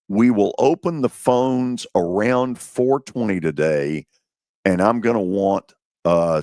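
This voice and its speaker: A man hosting a sports talk show, chatting casually about football in a relaxed, unhurried way with drawn-out pauses. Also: sits low, no echo, studio quality. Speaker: radio show host.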